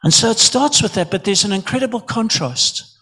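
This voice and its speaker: A man's voice: high voice, lively intonation, fairly quick, sharp tone, husky. A man from Zimbabwe, preaching an earnest sermon and often repeating words for emphasis.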